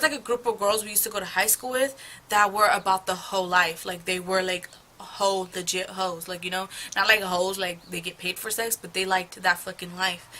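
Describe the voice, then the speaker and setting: The recording is low quality, with a little hiss or hum, capturing a young woman's mid-range voice, pushed and bright. She's a beauty vlogger chatting casually at home as she does her makeup, telling a rambling, profane, gossip-laden get-ready-with-me story.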